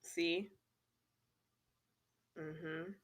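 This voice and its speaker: A woman's voice: fairly low pitch, steady tone, extremely slow. A woman co-hosting a casual group chat, moderating the talk and laughing often. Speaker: co-host.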